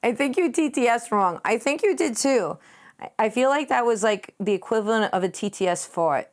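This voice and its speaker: A woman's voice: expressive, moderate pace. A young woman streaming live while she paints, chatting casually with her viewers in a giggly, playful way and reading their messages aloud. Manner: giggly, playful, reads chat aloud and jumps in pitch.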